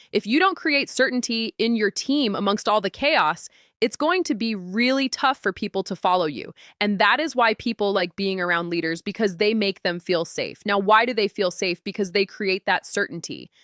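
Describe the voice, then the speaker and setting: Woman, motivational talk, lively storytelling, bright tone, dry close sound. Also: medium pitch, moderate pace, no room sound. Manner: animated, acts out quotes and stories.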